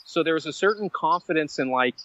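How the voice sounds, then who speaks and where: A man telling stories as a podcast guest, animated and self-mocking, drifting into side stories. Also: a little high, brisk, highs cut off. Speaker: guest writer. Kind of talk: conversational storytelling.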